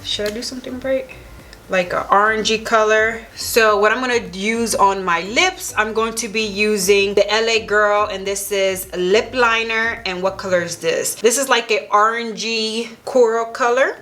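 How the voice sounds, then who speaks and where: A woman's voice: a little high, steady tone, a little slow, hardly any pauses, bright, forceful tone. Gushing young woman doing a makeup tutorial. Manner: gushing, enthusiastic, talks while applying makeup. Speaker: beauty vlogger.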